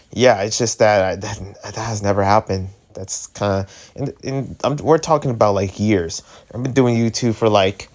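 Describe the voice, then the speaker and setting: A man's voice: on the low side, darkish tone. A man with a New Jersey accent, chatting casually and rambling on a vlog, often restarting and joking. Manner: rambling, self-interrupting, joking. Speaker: YouTuber. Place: hotel room.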